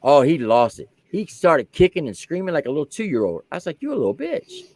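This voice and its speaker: An army veteran in his forties tells a profane, comic story at a brisk pace with no room sound. He swings animatedly between low asides and loud punchlines.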